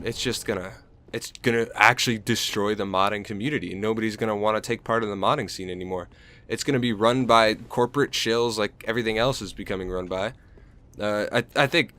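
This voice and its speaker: A man's voice: lowish voice, fairly bright tone. A young American man chatting loosely over gameplay, rambling with lots of fillers and restarts. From United States. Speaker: gaming YouTuber. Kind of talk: casual gameplay commentary.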